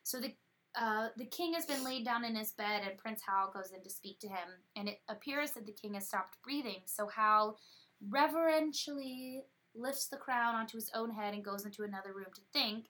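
A woman retells a story's plot in a chatty, slangy way, tossing in playful paraphrased quotes. Her voice is fairly high, pushed and bright, at a moderate pace.

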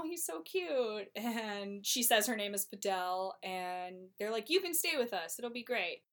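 A woman casually summarizing a play's plot, wry and chatty, acting out the characters' lines in quick voices. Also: medium pitch, fairly bright tone.

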